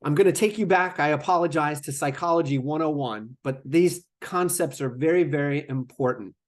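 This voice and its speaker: A man's voice: on the high side, moderate pace. A man presenting a webinar lecture in a conversational way, with fillers and asides to the audience. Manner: conversational, with fillers and acted-out quotes. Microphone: remote webinar microphone.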